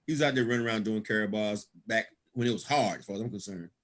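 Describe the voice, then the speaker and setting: Speaking fast in a fairly low, fairly bright voice, this guest speaker at a business opportunity event tells motivational stories. He laughs often and calls out praise in a folksy, preacher-like style.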